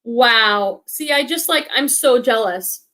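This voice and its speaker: Speaking slowly in a high, sharp-toned voice, a Boston-area woman in her forties hosts a casual reselling stream. She reads viewer comments, chats, and thinks aloud, frequently starting her sentences over.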